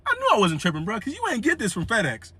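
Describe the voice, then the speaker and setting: A young man telling a comedic story in casual slang, acting out the people in it with animated voices. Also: high voice, quick pace. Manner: animated, acts out quotes in voices.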